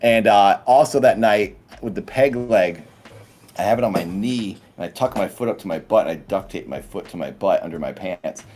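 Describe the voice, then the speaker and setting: A man's voice: lowish voice, moderate pace, a little hiss or hum. A man, a guest comedian, telling rambling stories in casual podcast chat. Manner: rambling, animated storytelling.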